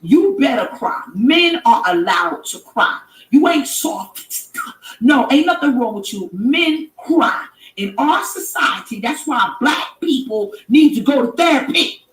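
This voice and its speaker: A woman hosting a live stream, giving an emphatic preaching-style motivational talk that repeats phrases and rises to shouts. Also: high-pitched, very animated, measured pace, distant mic. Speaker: inspirational live-stream host. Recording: echoey room, off-mic with background noise.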